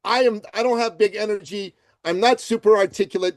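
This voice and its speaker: A man from Iran, a podcast guest, telling success stories with animated, emphatic delivery. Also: high-pitched, brisk, few pauses, dry recording. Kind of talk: energetic storytelling interview answers.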